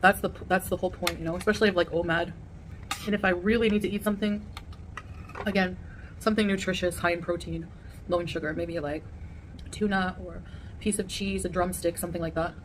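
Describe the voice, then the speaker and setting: A woman vlogger chatting casually to her viewers while eating a meal, rambling and pausing to chew. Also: on the low side, steady tone, a little hiss or hum. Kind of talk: casual eating vlog chat.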